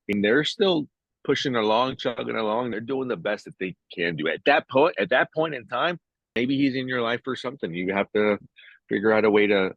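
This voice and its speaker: A man co-hosting a podcast, chatting casually and telling a story in an animated way, speaking to the listener directly. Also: fairly low pitch, no room sound. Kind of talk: casual chat. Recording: dry, dull-sounding mic.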